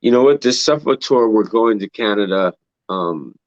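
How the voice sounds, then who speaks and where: A man's voice: lowish voice, lively intonation, normal speed, no echo, highs cut off. A man guest on a podcast, reminiscing in a laid-back, sweary way with frequent laughs. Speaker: podcast guest, drum tech. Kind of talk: casual chat.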